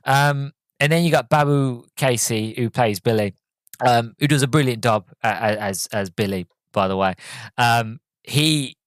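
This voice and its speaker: A man's voice: medium pitch, measured pace, no echo. A man hosting a podcast, casually reviewing a film with lots of fillers and restarts while retelling scenes. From Britain. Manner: rambling, with many fillers and restarts, retelling scenes in quoted voices. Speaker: podcast host.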